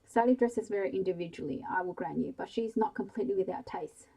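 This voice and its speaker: A woman's voice: medium pitch, quick pace, mellow, slightly rough, low-quality recording. A woman voicing a coaxing, motherly middle-aged mother in a whispered bedtime story. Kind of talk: whispered role-play.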